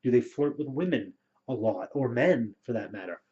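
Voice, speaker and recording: A man talking through role-playing tips in a relaxed, rambling way, with many fillers, as a game storyteller. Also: medium pitch, moderate pace. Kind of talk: casual spoken advice video. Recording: dull lo-fi recording.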